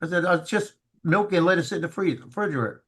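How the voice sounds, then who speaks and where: A middle-aged man recounts family memories in a relaxed, conversational way. His voice sits a little high for a man, and he stumbles and repeats words as he acts out the lines of the people in his story. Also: quick pace, slightly rough. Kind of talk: casual storytelling chat.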